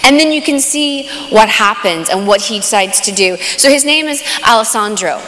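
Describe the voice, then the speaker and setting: A woman speaker gives an inspirational faith talk to a conference crowd, storytelling in a casual, filler-laced way. Her voice sits a little high. A long reverb from the large hall follows her. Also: lively intonation, normal speed, pushed and bright. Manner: casual, lots of fillers like "kind of".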